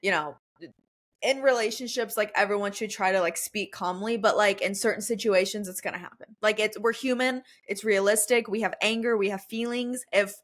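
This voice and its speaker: A woman's voice: mid-range voice, fairly quick, a bit bright. A young woman hosting a podcast, chatting casually and supportively, laughing often and calling her guest "girl.". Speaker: podcast host. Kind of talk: casual interview chat.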